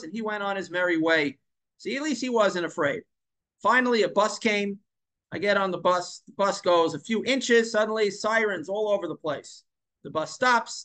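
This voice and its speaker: A man's voice: sits high, a bit bright. A man telling a story in a casual monologue, emphatic, repeating and stumbling over words at times. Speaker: online commentator.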